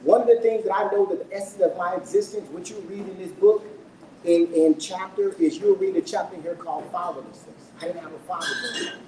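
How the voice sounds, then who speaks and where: Speaking a little fast in a high-pitched, dark voice, a middle-aged man addresses an audience at his book launch. His personal story is earnest and emotional, and he poses questions to listeners. The room echoes, his voice sounds far off, and faint noise is present.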